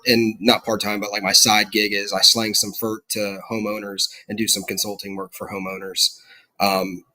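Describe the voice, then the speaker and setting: Southern georgia guy, low voice, friendly and rambly with lots of ums, dry close mic. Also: sharp tone, no room sound, rough recording. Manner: friendly, chatty, laughs between phrases, many fillers. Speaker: guest, lawn care consultant. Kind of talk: casual podcast chat.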